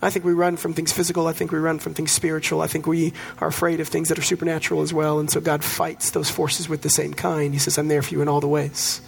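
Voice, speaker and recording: High-voiced pastor preaching a sermon. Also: male voice, little pitch movement, quick pace, creaky, few pauses. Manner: conversational storytelling with humor.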